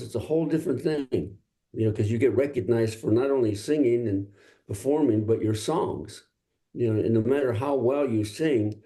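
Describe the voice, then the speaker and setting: A man's voice: medium pitch, dark tone. An older man from Los Angeles, a singer-songwriter guest, telling easygoing, rambling stories in a casual interview.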